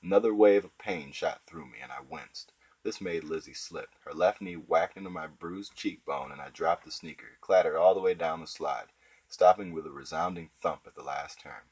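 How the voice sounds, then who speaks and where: A man's voice: sits low, moderate pace, a little mellow, slightly rough, low-quality recording. A man narrating a children's book in first person, wry and conversational. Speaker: audiobook narrator.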